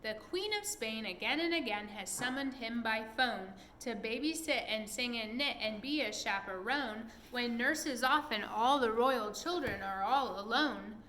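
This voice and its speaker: A woman's voice: on the high side, expressive, measured pace, few pauses, bright, forceful tone, roomy sound, a little hiss or hum. A woman voicing a cheerful, friendly small boy in a storybook, reciting eagerly in a lilting way.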